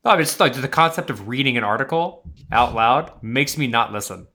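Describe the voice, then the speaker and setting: A man's voice: medium pitch, animated, fairly quick, gravelly, sharp tone. A man co-hosting a podcast in casual chat, blunt and sarcastic, swearing freely. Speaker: podcast co-host.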